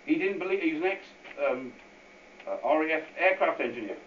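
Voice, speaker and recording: A man's voice: fairly high pitch, animated, a little fast, fairly bright tone. Rambling man speaking in an echoey hall. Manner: rambling and repetitive, with many asides. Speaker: guest speaker at a public meeting. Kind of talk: informal unscripted talk. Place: meeting hall with an audience. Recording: echoey, distant, dull hall recording with faint hiss.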